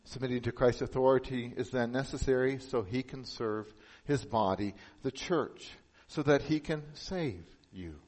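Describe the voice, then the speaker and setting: A man preaching a sermon as pastor. He speaks earnestly and drops to a hushed, solemn tone for emphasis. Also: medium pitch, moderate pace, poor audio.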